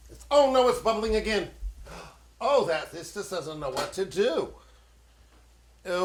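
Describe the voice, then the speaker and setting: A man with a Maine accent and a slightly high, somewhat bright voice hosts a playful cooking show for children in his home kitchen. He fusses over the kids as he talks, dropping in old-fashioned exclamations.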